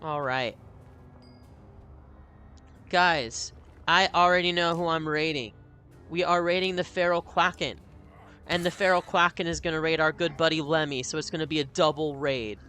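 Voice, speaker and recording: A man chatting and joking through live gameplay commentary, quick to laugh at his own losses. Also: fairly high pitch, fairly even intonation, pushed and bright, clear, resonant tone. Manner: chatty, joking, self-deprecating. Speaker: streamer.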